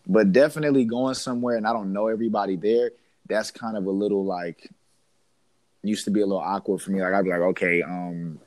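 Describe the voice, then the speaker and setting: A man in casual chat with friends, talking in a thoughtful, measured way. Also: fairly low pitch, a little mellow.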